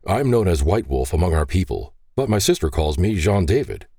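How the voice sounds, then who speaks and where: Male narrator as a grown uncle, steady and proud, deep voice. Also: a little fast, slightly rough, no room sound, studio quality, exaggerated voice.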